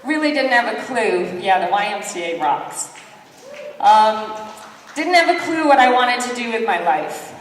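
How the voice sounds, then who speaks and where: A woman's voice: fairly high pitch, measured pace, slight background noise. Woman giving a keynote in an echoey hall. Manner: lively, self-deprecating storyteller who acts out quotes. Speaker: keynote speaker. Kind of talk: motivational keynote storytelling. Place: large conference hall. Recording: echoey hall, distant mic.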